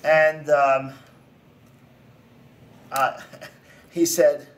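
A man, a rabbi, giving a lecture to a congregation with animated storytelling and emphatic repetitions. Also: a little high, extremely slow, recorded from a distance. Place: synagogue hall.

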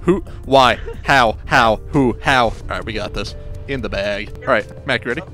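A man's voice: mid-range voice, moderate pace, faint music behind. A man chatting casually and jokily while streaming a multiplayer game. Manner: excitable, jokey, laughing. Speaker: gamer streamer. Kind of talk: casual gameplay chat.

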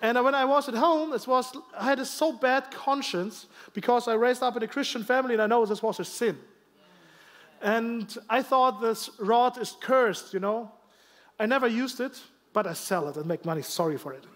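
A man from Germany with a German accent, a guest pastor preaching in halting English with self-deprecating humor and many restarts. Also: extremely high pitch, fairly bright tone. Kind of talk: sermon with personal stories. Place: church sanctuary.

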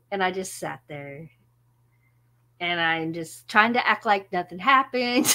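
A woman hosting a music channel, telling a story casually to her audience, laughing often and poking fun at herself. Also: medium pitch. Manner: laughs often, animated and self-mocking.

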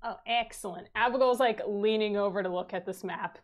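A woman's voice: mid-range voice, fairly quick. Woman player describing her character. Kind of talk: casual game chat.

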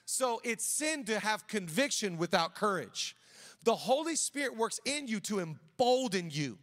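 Pastor guy preaching, high bright voice, chatty with lots of restarts, big hall echo. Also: very animated, measured pace. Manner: conversational, many restarts, drops to quiet storytelling. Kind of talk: sermon with personal storytelling. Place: large church auditorium. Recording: long hall reverb.

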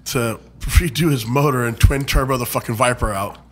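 A man hosting a casual podcast, teasing and swearing between quick questions. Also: mid-range voice. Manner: profane, quick interjections and teasing. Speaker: podcast host.

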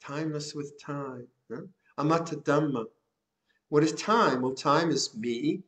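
An older man, a Buddhist monk, giving a gentle, reflective Dhamma talk with soft laughs and repeated phrases. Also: fairly high pitch, a little slow. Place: monastery hall.

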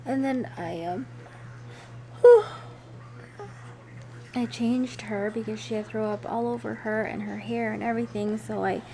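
A woman's voice: on the high side, fairly even intonation, moderate pace, hardly any pauses, a little mellow. A young woman, a mother, chatting casually in a family vlog, telling stories and acting out quotes at home. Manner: chatty storytelling, acts out quotes. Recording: noisy background.

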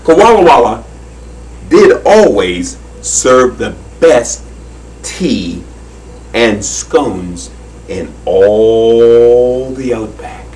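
A man with a medium-pitched, slightly mellow voice reads a children's story aloud, heard from a distance. He's unhurried, drawing out his phrases in a leisurely way.

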